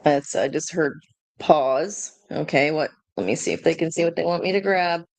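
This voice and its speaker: A woman's voice: low voice, moderate pace, no room sound. A woman doing a live tarot reading, thinking aloud in a chatty way, laughing often and swearing casually. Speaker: tarot reader.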